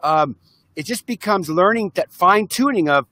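This interview guest, a musician who also does self-help speaking, sounds high and a bit bright, with lively intonation at a moderate pace. Talking over a video call in a relaxed interview, he stays enthusiastic and upbeat and performs little voices.

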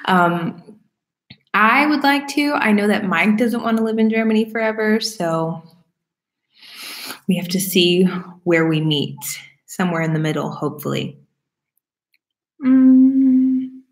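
A young woman from Florida, casually answering viewer questions at home, chatty and animated, laughing often. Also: medium pitch, unhurried, pauses often. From Florida, United States. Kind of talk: casual Q&A chat. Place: room at home. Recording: roomy echo.

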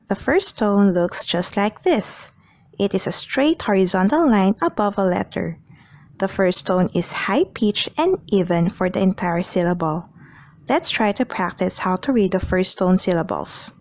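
A woman teaches Mandarin tones in a slow, deliberate way, drawing out each example for young learners. Her delivery is unhurried, and the recording is close and dry with no room sound. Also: medium pitch, very animated, dry recording. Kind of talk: slow, clear teaching for kids.

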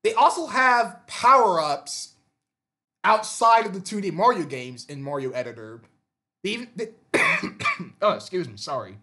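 A man's voice: sits high, sing-song, a little slow, sharp tone. A man giving an unscripted gaming commentary, stammering and repeating words as he fires off exasperated rhetorical questions. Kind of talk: unscripted opinion monologue.

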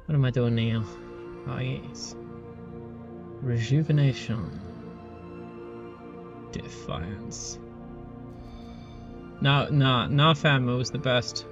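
A man's voice: medium pitch, takes it slowly, pauses often, dull audio, over music. A male game streamer giving casual, rambling commentary with stammered restarts and swearing.

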